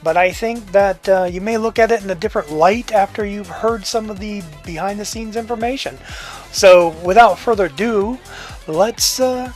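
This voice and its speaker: A man hosting a podcast who introduces the episode and guest in a relaxed way, with many filler pauses. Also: sits high, soft background music. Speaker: podcast host.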